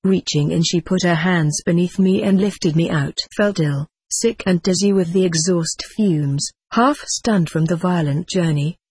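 An audiobook narrator reading a first-person story in a steady, measured way. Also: medium pitch, breathy edge, dry recording.

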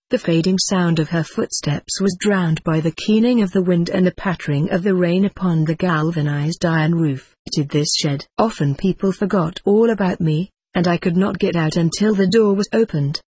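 Husky narrator reading a cat's story, steady and measured, mid-pitched, dry recording. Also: dry recording. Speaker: audiobook narrator. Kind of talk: storybook narration told in first person as a cat.

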